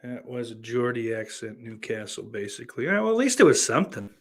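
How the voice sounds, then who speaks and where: A man's voice: mid-range voice, big pitch swings, a little fast. A man with a Southern accent hosting a podcast, reading listener comments and riffing in a profane, rambling, sardonic way. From New York. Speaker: podcast host.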